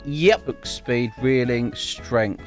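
A young man casually commentating on his gameplay, chatty and excitable, often laughing. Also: medium pitch, slow pace. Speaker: gaming YouTuber. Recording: faint game music behind.

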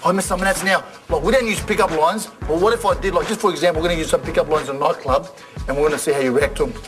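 A man co-hosting a live comedy show, swaggering and excitable with heavy slang. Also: fairly high pitch, racing, over music.

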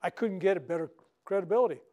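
The audio is dull, capturing an older minister whose voice sits on the high side, with lively intonation and a moderate pace. He guides a live group through a workshop in a spiritual center meeting room, chatting through stories and checking in with "right?" often.

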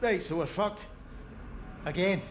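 Sardonic Scottish oil rig hand, game dialogue, higher voice, noisy mix. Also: male voice, a little slow. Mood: sarcastic. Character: weary male rig worker, swearing, grim humor. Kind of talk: video game voice acting.

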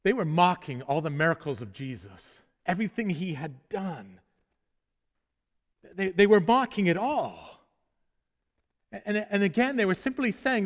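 High-voiced pastor preaching in a reverberant hall. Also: male voice, expressive, unhurried. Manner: earnest preaching with repeated restarts and falling, solemn phrase endings. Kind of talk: sermon.

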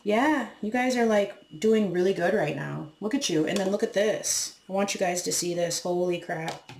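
A woman's voice: mid-range voice, normal speed, creaky, a little mellow, roomy sound, slight background noise. A woman giving a casual tarot reading to her viewers, talking frankly, swearing freely and laughing as she acts out what people say. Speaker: tarot reader.

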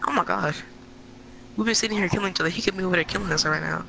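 A man's voice: high-pitched, racing, creaky. A man trash-talking bluntly and profanely in a game voice chat. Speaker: gamer in voice chat. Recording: noisy game chat audio.

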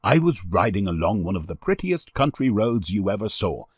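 A man reads an old-fashioned children's story in a low voice. His intonation swings widely and he tells it with a lot of expression. The sound is dry and close. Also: big pitch swings, normal speed, husky, no echo. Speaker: narrator. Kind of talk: storybook reading.

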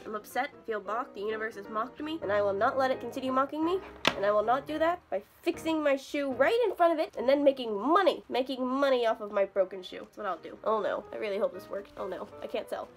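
Filming herself on a phone in her bedroom, a young vlogger chats casually, rambling along and mocking herself. She talks fast in a voice on the high side, with faint music in the background.

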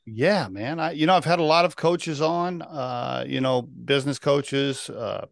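A man's voice: mid-range voice, a little slow, vocal fry, no room sound, studio quality. A man hosting a podcast, talking loosely and easygoing with lots of "you know" and "uh". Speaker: podcast host. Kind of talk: casual interview conversation.

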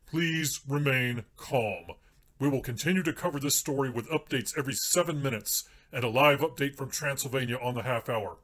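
Man voicing a pompous news anchor, deadpan, formal, medium pitch. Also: moderate pace, natural voice. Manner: formal, deadpan newsreader delivery.

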